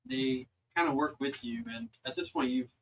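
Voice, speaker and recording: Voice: mid-range voice, wildly swooping pitch, normal speed, creaky, a bit bright, slight background noise, rough recording. A young adult game master narrating a tabletop game with loose, filler-heavy speech.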